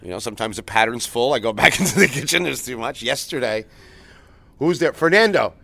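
A man's voice: mid-range voice, expressive, fairly quick, creaky, bright, forceful tone, slight background noise. Swearing, wisecracking man in podcast banter. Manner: profane, wisecracking, bursts into laughter. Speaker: podcast co-host, restaurant chef. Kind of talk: casual chat, crude banter.

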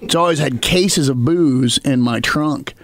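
A man's voice: medium pitch, moderate pace, no echo. A man telling a story in a casual podcast chat, acting out the other voices in it. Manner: animated storyteller, acts out quoted voices. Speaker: podcast co-host.

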